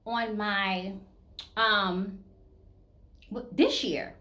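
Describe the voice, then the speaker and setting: A woman's voice: medium pitch, steady tone, very slow, pushed and bright. A woman in her thirties from the American South with a Southern accent, talking candidly and casually to her viewers, full of "you know" and "like.". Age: 30s. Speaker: vlogger. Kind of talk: casual personal chat to camera.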